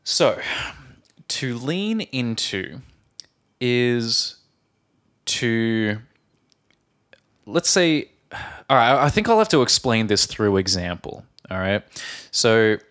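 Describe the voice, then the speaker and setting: A man co-hosting a podcast, explaining English phrases through examples in casual chat. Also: lowish voice. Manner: animated, explains slowly with examples. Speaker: podcast co-host.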